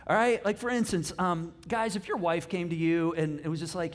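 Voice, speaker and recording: A middle-aged man, a pastor, giving a conversational sermon with lively asides and frequent restarts. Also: fairly high pitch, a little fast. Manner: animated and chatty, with many restarts and asides.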